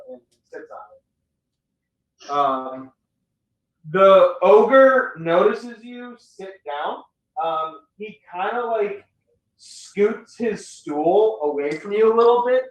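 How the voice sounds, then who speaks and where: A man acts as dungeon master in a tabletop game, narrating loosely and filling gaps with "like" and "um". His voice sits somewhat high for a man. The sound is dry and close, with no room echo. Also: lively intonation, takes it slowly, highs cut off. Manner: casual, full of "like" and "um".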